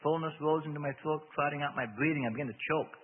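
A man's voice: a little high, fast, breathy edge. A man reading a religious memoir aloud on the radio, with folksy asides of his own. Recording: tinny phone-like radio broadcast.

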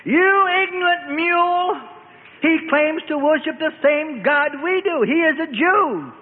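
A man voicing a proud, raging king who shouts his orders slowly and heavily. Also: high voice, animated. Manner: shouting, bellowing, slow and drawn-out. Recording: phone-like band with long reverb and faint noise.

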